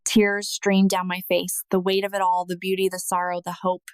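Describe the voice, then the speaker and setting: A woman narrating a scripted first-person testimony in a slow, emotional, earnest manner. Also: fairly low pitch, monotone, dry recording.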